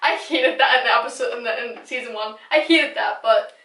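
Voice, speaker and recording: A woman's voice: on the high side, brisk, a bit bright. A young woman talking through a casual fan recap, gushing and chatty, swearing now and then. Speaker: recap vlogger. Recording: echoey room, distant mic.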